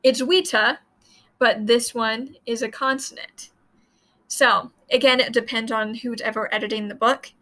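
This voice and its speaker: A woman's voice: a little high, steady tone, a little slow, bright, forceful tone, low-quality recording. A woman teaching Latin in a casual, chatty way, repeating points and sounding out words as she explains.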